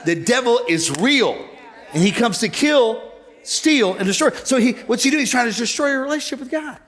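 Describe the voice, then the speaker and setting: Male pastor, sermon, upper voice with very animated swings, playful crowd banter. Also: very high voice, a little fast. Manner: animated, humorous, conversational preaching. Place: church auditorium.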